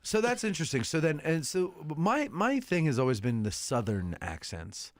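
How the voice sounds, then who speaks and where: A man's voice: on the high side, sing-song, moderate pace, no echo. A man hosting a podcast, asking questions in a playful, joking, casual way. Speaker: podcast host. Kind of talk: casual interview chat.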